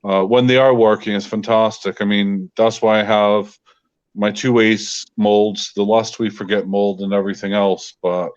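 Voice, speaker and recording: A man's voice: on the low side, level tone, moderate pace, clear, resonant tone, muffled recording. A man, a guest in a casual chat, venting his frustration with lots of fillers. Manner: frustrated ranting with many fillers.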